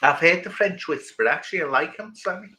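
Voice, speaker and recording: Chatty bright-voiced man. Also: a little high, expressive, quick pace, rough recording. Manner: chatty, rambling, greets viewers warmly. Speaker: livestream host. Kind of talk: casual chat with viewers.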